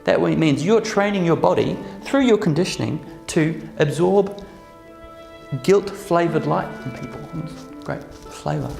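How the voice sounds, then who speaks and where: A man leads a relaxed workshop, his fairly high voice carrying a gravelly edge. He keeps checking in with the group through quick tag questions. The recording sounds roomy and echoey, with faint music underneath. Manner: chatty, checks in with the group using frequent "okay?" and "right?". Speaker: workshop presenter. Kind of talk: casual workshop talk to a live group.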